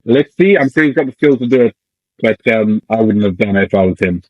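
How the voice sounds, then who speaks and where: A man co-hosting a podcast, in casual chat, ranting in an animated, jokey way and swearing now and then. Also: on the low side, fairly quick, no echo, muffled recording. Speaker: podcast co-host.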